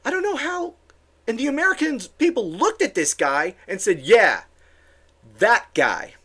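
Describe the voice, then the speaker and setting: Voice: sits high, wildly swooping pitch, moderate pace, a bit bright. A political commentary host ranting alone on camera, sarcastic and exasperated, often stumbling into restarts and repeated words.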